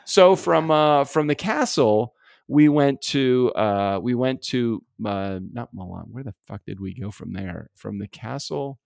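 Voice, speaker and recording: A man's voice: medium pitch, animated, unhurried, creaky, darkish tone, no room sound, clean studio sound. An American man co-hosting a podcast in casual chat, rambling, laughing often and swearing freely. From United States. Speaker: podcast co-host. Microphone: remote podcast recording setup.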